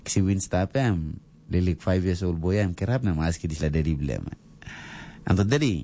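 A man's voice: low-pitched, lively intonation, moderate pace, creaky, mellow. A man with a Papua New Guinean accent, a radio DJ telling a story in a rambling, casual way full of fillers.

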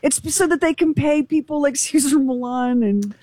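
Animated, rambling woman podcast co-host. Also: high-pitched, moderate pace. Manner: animated, rambling, self-deprecating. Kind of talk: casual chat.

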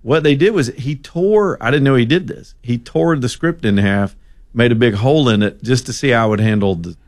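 A middle-aged man, hosting a talk radio show and telling stories in a casual, animated way. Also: medium pitch, fairly quick. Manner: animated storyteller, acts out quotes. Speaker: radio host.

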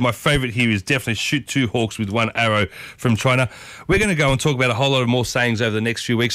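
On a studio microphone with no echo, a breakfast radio host keeps up a chatty patter, addressing his listeners as folks and falling back again and again on "I'll tell you what." He speaks in a slightly bright, mid-range voice.

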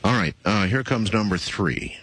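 Deep, husky skeptical radio host man. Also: moderate pace, fairly bright tone. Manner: probing, skeptical questions. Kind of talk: radio interview.

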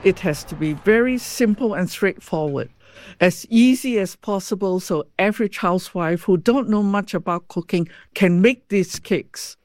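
A woman's voice: medium pitch, moderate pace, darkish tone, no echo. An older woman talks in a chatty, easygoing way, her a little broken. The recording is very dry and close, with no room sound. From Hong Kong. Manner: chatty, laughs easily, slightly broken English. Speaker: interviewee, former home economist. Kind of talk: reminiscing interview.

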